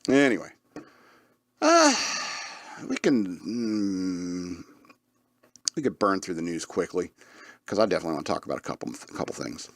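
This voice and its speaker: A man's voice: low voice, sing-song, normal speed, pauses often, no room sound. A man hosting a radio show, talking in a casual, rambling way with frequent chuckles and restarts. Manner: rambling, chuckles often, many fillers and restarts. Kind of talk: casual rambling podcast chat.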